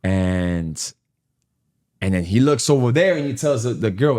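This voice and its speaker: A man from Miami telling a profane, animated story from his past in casual conversation. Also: fairly low pitch, moderate pace. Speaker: guest.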